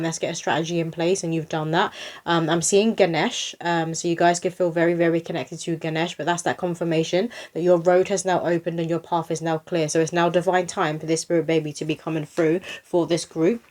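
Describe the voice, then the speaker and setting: A woman's voice: lowish voice, darkish tone. A young woman, hosting a psychic card reading in a chatty, flowing way and reading rhyming poems aloud. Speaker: psychic medium host.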